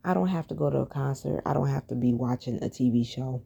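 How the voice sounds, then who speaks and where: A woman hosting a solo podcast, talking through her plans in a relaxed, reflective way with lots of fillers and restarts. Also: extremely low pitch, fast talker, creaky, slightly rough. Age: adult, has a daughter. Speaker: podcast host. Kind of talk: casual solo podcast talk.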